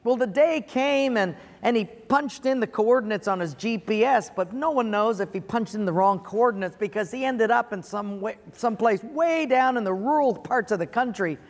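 A man with a high voice preaches to his congregation, drawing listeners in with an earnest story. His sermon fills a large auditorium, and each phrase trails off into a long hall reverb. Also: normal speed, hardly any pauses. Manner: earnest, storytelling, chuckles at his own punchline. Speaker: pastor.

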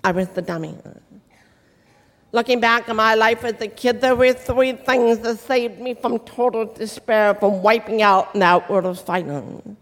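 A deaf woman giving an inspirational faith talk. Her speech is distinctive and sounds accented, and she articulates slowly and carefully. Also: a little high, fairly even intonation. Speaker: inspirational speaker. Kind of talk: motivational faith talk to an audience. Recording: long reverb of a large hall.

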